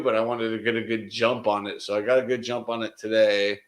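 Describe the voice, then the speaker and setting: A man's voice: lowish voice, brisk, few pauses. A man, a librarian, chatting casually on a podcast, rambling through stories and acting out what others said. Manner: rambling storyteller, quotes others in a lively voice. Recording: roomy echo.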